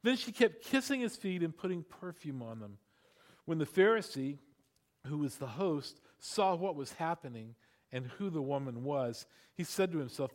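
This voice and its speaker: Man, high voice, pastor preaching, chatty asides, rhetorical questions, laughs at own jokes. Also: sing-song, normal speed. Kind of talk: sermon.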